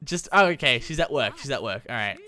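Lively, bright-voiced young game commentator. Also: mid-range voice. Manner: excitable, slangy, quick to laugh. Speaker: gameplay commentator. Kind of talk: casual Let's Play commentary.

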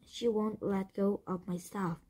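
A wary, grumbling young boy, as a woman reads him aloud from a storybook. The voice is breathy and husky. The delivery is slow. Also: medium pitch, fairly even intonation, mellow.

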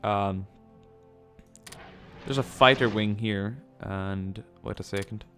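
A man's voice: lowish voice, steady tone, takes it slowly, bright, forceful tone, faint music behind. A man giving casual gameplay commentary, chatty, with many ums and joking asides. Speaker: let's play gamer.

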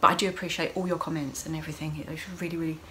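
Speaking rapid-fire with little pitch movement, a middle-aged woman vlogger talks over her week in a casual video diary. Her low, warm voice turns open and emotional, with frequent laughter between lines, and a faint hiss lies under the audio.

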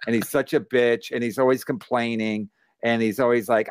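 A man's voice: medium pitch, level tone, normal speed, clean tone, no echo, clean studio sound. Brash, profane man on a podcast. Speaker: comedian podcast co-host. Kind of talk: casual podcast banter.

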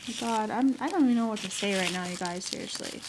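A woman with a gushing, giggly manner, excitedly unboxing gifts in a chatty video. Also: medium pitch, fast talker. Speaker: craft vlogger. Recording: noisy home recording. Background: paper crinkling.

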